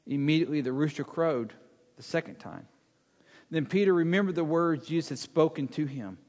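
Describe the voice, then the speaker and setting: A man preaching a sermon, retelling a Bible story dramatically, acting out the speakers and dropping to a hush for emphasis. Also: on the high side, animated, moderate pace. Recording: long hall reverb.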